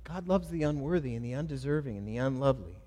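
A man's voice: medium pitch, lively intonation, fast, dark tone, in a large hall. A male pastor preaching a sermon, asking questions and answering them himself in an emphatic delivery.

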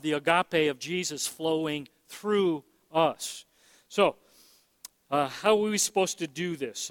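A man's voice: a little high, fairly bright tone, clear, resonant tone, no room sound, big-room sound. A man preaching a sermon as pastor, emphatic, often repeating words and using fillers.

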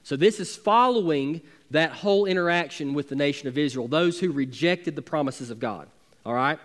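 A pastor delivers a sermon in a notably high voice. He preaches emphatically, pressing his points with building force. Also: moderate pace. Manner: emphatic preaching with rising intensity.

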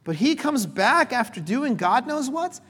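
A man, a pastor, preaching a sermon in a conversational, animated way, often checking in with "right?". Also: very high voice, unhurried, slightly rough. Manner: conversational, with frequent "right?" asides; animated, acts out quotes. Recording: long hall reverb.

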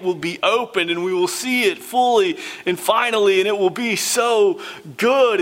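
A man's voice: high-pitched, a bit bright. A man preaching a sermon, reading scripture and speaking earnestly with repeated phrases for emphasis. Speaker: pastor.

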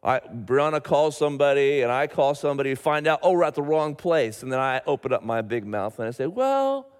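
A middle-aged man, a pastor, preaching a sermon and telling a family story in an animated way, with frequent restarts. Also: medium pitch, fairly quick, clear, resonant tone. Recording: reverberant church hall.

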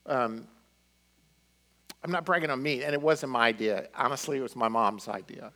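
A middle-aged man telling personal stories in a conversational sermon, animated and full of fillers. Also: mid-range voice, moderate pace, a little hiss or hum. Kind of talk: sermon storytelling.

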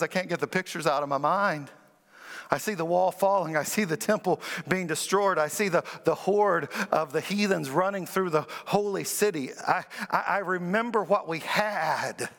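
A man's voice: moderate pace, a bit bright. Man preaching in a reverberant hall. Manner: preaching with call-and-response, rising emphatic pitch. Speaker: pastor. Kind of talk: sermon.

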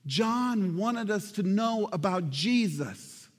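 A male pastor with a high, animated voice takes his sermon slowly, sounding as if in a large hall within the church sanctuary. He addresses the congregation directly and earnestly, repeating words for emphasis.

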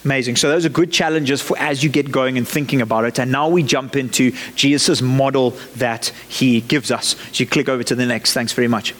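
A man's voice: mid-range voice, fairly even intonation, brisk, hardly any pauses, fairly bright tone, long reverb tail. A man preaching a sermon in a church, conversational and lightly joking as he talks the congregation through his points.

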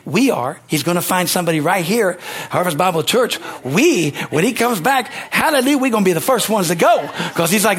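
A man's voice: high-pitched, lively intonation, fairly quick, hardly any pauses, fairly bright tone. A man preaching a sermon as pastor, repeating lines for emphasis and calling out amen and hallelujah. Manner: emphatic preaching with rising exclamations.

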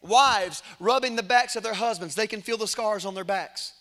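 A male preacher with a high, bright voice tells a story in a sermon. He swings from hushed passages to loud, vivid ones. His delivery stays dramatic throughout. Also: normal speed.

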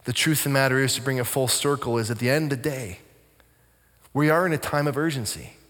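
A man from Canada, a pastor, preaching a sermon with animated storytelling that drops to soft, intense tones. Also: medium pitch, quick pace. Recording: long church reverb.

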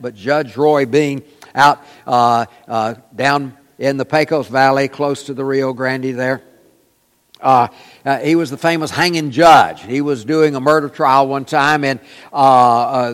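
A man preaching a sermon, telling folksy stories with frequent fillers. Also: medium pitch. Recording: long reverb in a large hall.

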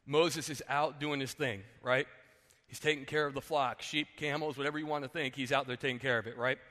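A man preaching a sermon as a pastor, retelling a story in an animated way and acting out the characters. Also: mid-range voice, fairly quick, long reverb tail. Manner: animated, acts out characters, asks "right?". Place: church sanctuary.

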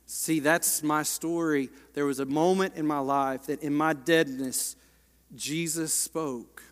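Pastor preaching in reverberant church. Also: male voice, on the high side, fairly even intonation, slow pace. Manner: impassioned, swinging from hushed to loud. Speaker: Baptist pastor. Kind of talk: sermon. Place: large church sanctuary.

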